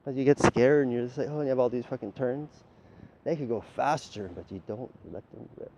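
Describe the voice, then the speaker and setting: A man's voice: medium pitch, a little fast, darkish tone, slight background noise. A man delivering a rambling, profane, lecturing monologue straight at the listener. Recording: dull lo-fi recording with faint ambience.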